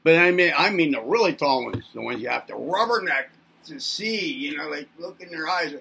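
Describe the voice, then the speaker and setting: Gravelly, bright-voiced man teasing. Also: a little high, animated, normal speed, slight background noise. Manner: teasing, talks as if to babies. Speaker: self-help channel host. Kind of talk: playful monologue to camera.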